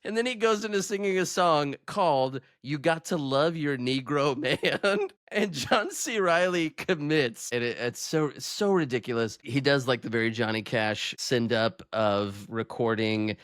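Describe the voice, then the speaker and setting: A man's voice: medium pitch, a little slow, hardly any pauses, fairly bright tone, clear, resonant tone, no room sound, clean studio sound. A young man co-hosting a podcast, chatting casually about a movie and acting out its lines, often laughing. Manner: laughs often, acts out quotes. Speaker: podcast co-host.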